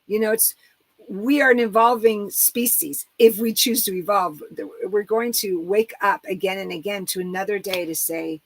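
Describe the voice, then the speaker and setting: A woman's voice: medium pitch, moderate pace, dry recording, rough recording. Middle-aged woman author, chatty storyteller, dry close-up sound. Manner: animated storyteller, acts out quoted voices. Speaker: author and coach. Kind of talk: casual interview talk.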